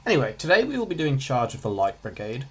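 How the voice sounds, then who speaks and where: Teenage lad, offhand study-channel host who cracks jokes, regular voice. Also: male voice, medium pitch, wildly swooping pitch, quick pace, fairly bright tone, husky. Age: teens. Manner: chatty, offhand, jokey asides. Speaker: student revising on his channel. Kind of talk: casual revision lesson.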